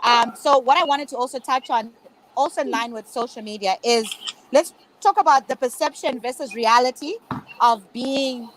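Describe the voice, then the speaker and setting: A woman's voice: sits high, normal speed, fairly bright tone, a little hiss or hum, poor audio. A woman moderating a virtual panel discussion over a video call, speaking in an encouraging, conversational way.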